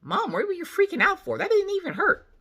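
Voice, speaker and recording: A woman's voice: very high voice, big pitch swings, brisk, sharp tone, voice pushed up, exaggerated voice. A woman voicing a cocky young boy who brags that nothing hurts. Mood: scoffing. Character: cocky young boy, brave and sure of himself.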